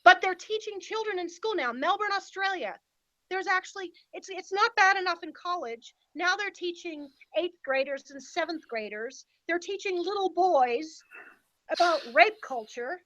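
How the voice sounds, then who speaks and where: High-voiced, emphatic woman guest. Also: fairly bright tone, dry recording, highs cut off. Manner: emphatic and indignant. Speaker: podcast guest. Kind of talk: casual podcast conversation.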